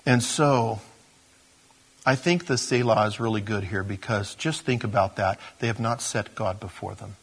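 A man's voice: lowish voice, moderate pace, slightly rough. A man preaching a sermon in a conversational, self-deprecating way, talking to his congregation like friends. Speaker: pastor.

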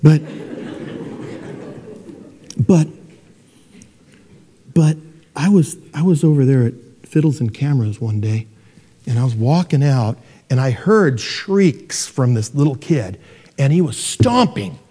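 A middle-aged man preaching a sermon, animated and joking, who mimics parents in a soft sing-song voice. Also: medium pitch, slow pace, pauses often, slightly rough. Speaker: pastor. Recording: long hall reverb.

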